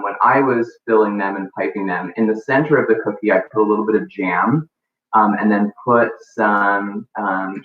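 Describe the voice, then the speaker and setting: A man talks through a baking demo in a relaxed, rambling way, filling pauses with ums and likes. He is some way off the mic in an echoey room, and the sound is thin and phone-like. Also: on the low side, far from the mic. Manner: casual, chatty, many ums and likes. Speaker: baking instructor. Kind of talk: live cooking demonstration.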